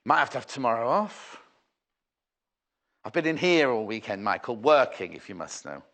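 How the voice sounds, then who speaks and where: A man's voice: medium pitch, big pitch swings, normal speed, creaky, fairly bright tone. A man presenting fabric on a live shopping channel, chatty and bubbly with rambling asides and a slightly sore throat. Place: TV studio.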